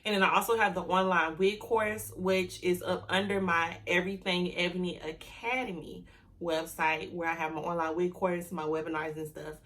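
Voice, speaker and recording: A woman running an online business, talking to camera casually, heartfelt and grateful, emotional and close to tears, speaking warmly to her viewers. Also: fairly low pitch, steady tone, normal speed. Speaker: online business owner and YouTuber.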